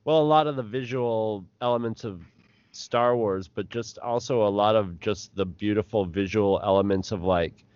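A man co-host chats in a loose, rambling way, often stopping and restarting his sentences. His voice is low and smooth. The sound is dry and a little dull. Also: moderate pace, a little mellow, no echo. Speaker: podcast co-host. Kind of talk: casual chat.

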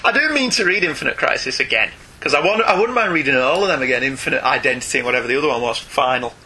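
A man's voice: mid-range voice, lively intonation, very fast, sharp tone, slight background noise. A man co-hosting a casual podcast, reading listener letters aloud and adding his own chatty asides. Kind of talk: casual chat.

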